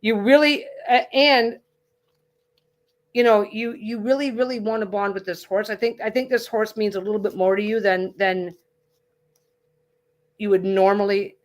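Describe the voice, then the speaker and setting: A woman hosts a livestreamed tarot reading, speaking casually in a reassuring, rambling way and often restarting her sentences. Her medium-pitched voice stays steady at a moderate pace, broken by long pauses.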